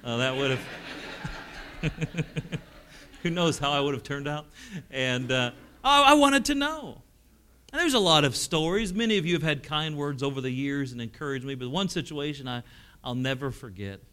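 A middle-aged man preaching a sermon, telling personal stories and swinging from loud exclamations to hushed, emotional tones. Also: medium pitch, normal speed.

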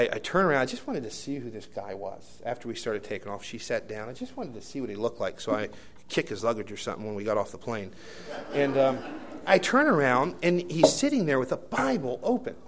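A man preaching a sermon, telling a personal story with many fillers and restarts, moving between hushed asides and loud emphatic bursts. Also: mid-range voice, a little hiss or hum. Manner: rambling anecdotal delivery with many fillers and restarts.

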